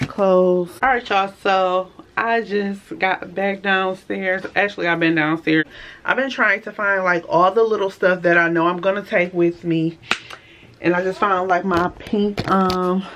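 A young woman vlogging casually at home, chatting straight to her viewers in a relaxed way. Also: medium pitch. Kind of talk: casual vlog chat. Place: home, indoors.

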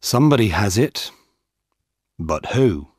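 A stern male police officer from a learner's storybook, read by a man in nearly his own voice. Low and husky, he gives orders slowly and plainly. The recording is dry and close. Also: big pitch swings, darkish tone, dry recording, heavily acted.

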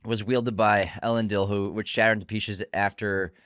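A man's voice: fairly low pitch, little pitch movement, moderate pace, fairly bright tone, no echo, studio quality. A man co-hosting a casual movie podcast, playfully quizzing his co-host and teasing him.

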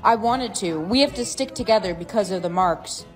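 A woman's voice: medium pitch, normal speed, faint music behind, close to an everyday voice. A woman playing a blunt, protective teenage schoolgirl who bears a mark, in a short comedy skit. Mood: defiant.

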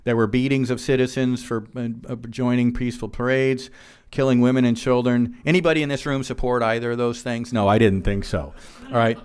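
A man speaks earnestly to a room full of listeners. His voice is smooth and resonant at an ordinary middle pitch. He reads quotes off his slides and often pauses on "uh" and "um" between points. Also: fairly even intonation, a little mellow. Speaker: policy speaker. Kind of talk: presentation to a live audience. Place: room with an audience.

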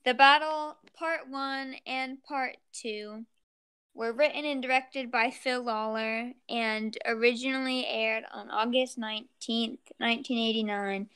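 A woman's voice: fairly high pitch, fairly even intonation, unhurried, fairly bright tone, clear, resonant tone. A woman co-hosting a fan podcast, earnest and rambling in casual chat, on a home mic over a remote call. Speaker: podcast co-host. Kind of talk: casual chat and read summary.

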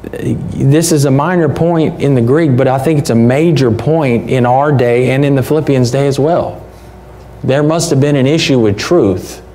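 A man's voice: medium pitch, normal speed, warm tone, a little hiss or hum. A man, preaching a sermon as a pastor in a conversational, folksy way with rhetorical questions. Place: church.

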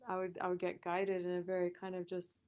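A woman guest on a podcast, telling a story in a lively conversational way, laughing often and using many fillers like "like" and "you know". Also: lowish voice, brisk, clean tone.

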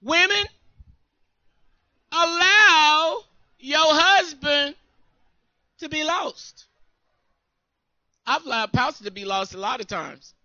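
A woman co-pastor preaches emphatically, calling for the congregation to answer her. Her voice is very high and piercingly bright. It comes through dry and a little muffled. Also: slow, pauses often, no echo. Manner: emphatic, call-and-response preaching. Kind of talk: sermon.

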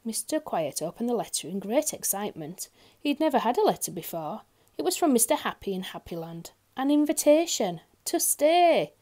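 A woman reading a children's picture book aloud, expressive and talking directly to young listeners. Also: mid-range voice, fairly quick. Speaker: storyteller. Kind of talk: children's story read-aloud.

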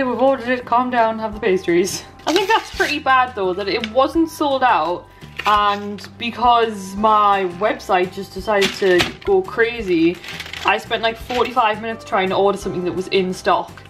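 Casting: young woman, higher voice, chatty and frazzled vlogger, tired. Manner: chatty, flustered, lots of "like". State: tired and stressed. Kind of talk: casual vlog chat.

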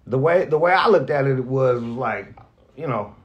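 This is a male radio host's casual spoken goodbye, recorded lo-fi, in an expressive mid-range voice at a moderate pace. Full of profanity and rambling, he often starts his sentences over and grows emotional, sometimes nearly crying.

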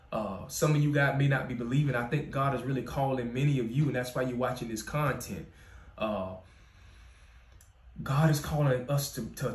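Emphatic preacherly man in an echoey room. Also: medium pitch. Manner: preacherly, builds to emphatic repeated declarations. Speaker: podcast host. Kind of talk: motivational Christian podcast talk. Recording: roomy echo.

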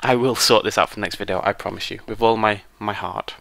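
Bright-voiced British gaming commentator. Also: male voice, on the low side, fast talker, vocal fry, no room sound. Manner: joking, excitable, shouts at the game. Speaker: let's play host. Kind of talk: gameplay commentary.

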